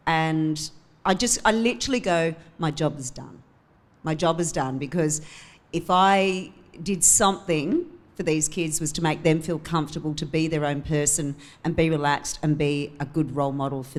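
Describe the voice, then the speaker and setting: Older woman, Australian accent, low voice, candid and heartfelt, podcast guest. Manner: warm, candid, emotional. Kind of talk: live podcast chat.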